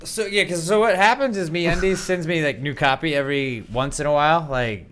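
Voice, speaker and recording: Smooth-voiced rambling podcast guy. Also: a little high, brisk, fairly bright tone. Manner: rambling, swears, many fillers. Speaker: podcast co-host. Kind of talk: casual chat.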